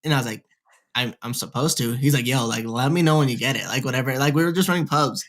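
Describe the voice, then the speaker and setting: A young man tells a story on a gaming podcast, rambling and packed with "like" and "whatever." He talks into a headset mic, his voice sitting at an ordinary middle pitch. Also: fast talker, fairly bright tone. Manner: rambling, heavy filler "like, whatever". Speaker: podcast co-host. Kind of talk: casual storytelling.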